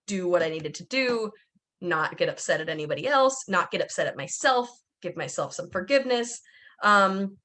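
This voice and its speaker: Here a podcast host, a young woman speaking from home, rambles through a casual, candid chat full of fillers. Her voice sits at medium pitch with a touch of brightness.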